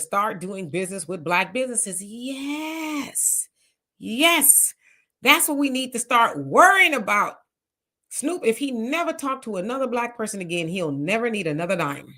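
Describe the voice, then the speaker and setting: A woman with a mid-range voice hosts a casual live commentary. She reads viewer comments out loud and reacts to them in an outspoken, animated manner.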